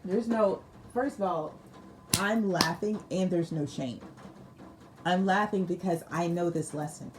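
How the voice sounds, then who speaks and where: A woman's voice: on the low side, a little slow. A woman doing a casual tarot reading for her viewers, laughing often and repeating phrases for emphasis, with slangy talk. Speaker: tarot reader. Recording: noticeable background noise.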